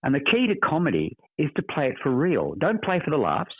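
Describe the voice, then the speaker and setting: A man's voice: on the high side, wildly swooping pitch, brisk, husky, no room sound. An older Australian actor telling stories as a podcast guest, expansive and repeating words as he searches for them. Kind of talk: casual interview anecdotes. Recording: dry tinny phone-like line.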